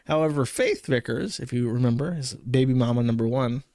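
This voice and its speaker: A man's voice: mid-range voice, darkish tone, dry recording. Rambling male commentary host, dry sound. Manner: rambling, halting with many fillers and self-corrections. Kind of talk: casual online commentary.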